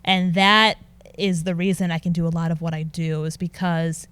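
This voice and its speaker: A young adult woman, a news anchor, chatting as a guest and telling animated stories with frequent laughter. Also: lowish voice, moderate pace, smooth, dry recording. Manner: animated storyteller, laughs often. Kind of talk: casual interview chat.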